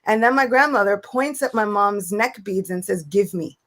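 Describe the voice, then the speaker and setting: A young woman guesting on a casual spiritual talk tells stories animatedly. She slips into the voices of the people she quotes. Her voice sits at a middle pitch, and she speaks at a moderate pace.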